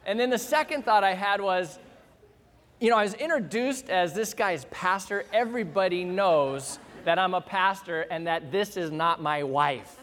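A middle-aged male pastor delivering a sermon, animated and humorous, acting out scenes as he tells the story. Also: high voice, moderate pace, big-room sound.

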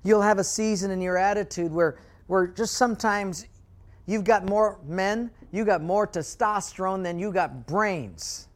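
A man preaching a sermon as pastor, telling stories with animation and dropping to quiet emphasis. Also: sits high, measured pace.

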